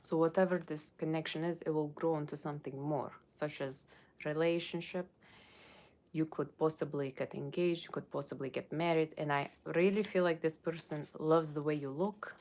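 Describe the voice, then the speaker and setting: A woman's voice: low voice, steady tone, moderate pace, darkish tone. A woman voicing a brash, sassy fortune-teller with a put-on Russian accent, giving a blunt tarot reading with teasing asides to viewers. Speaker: tarot reader. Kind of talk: Halloween tarot reading in character.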